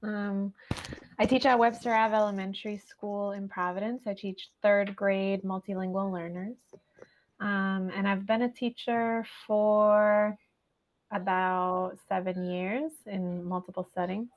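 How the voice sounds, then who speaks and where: A woman, an elementary school teacher, introducing herself on a podcast over a video call in a measured, orderly way. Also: mid-range voice, level tone. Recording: dull lo-fi call audio.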